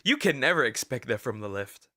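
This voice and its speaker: Bright-voiced man ranting on a vlog. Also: mid-range voice, very animated. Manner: rambling and halting, many fillers and restarts; outspoken, ranting. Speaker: vtuber streamer. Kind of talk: casual react commentary.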